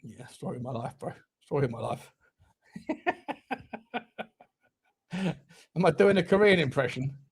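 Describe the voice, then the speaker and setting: A man's voice: a little high, a little slow, vocal fry, pauses often, breathy edge. Guy doing a live footie watchalong, swears a lot, voice jumps all over. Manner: animated, swearing, laughing often. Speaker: fan channel host. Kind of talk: live match watchalong chat.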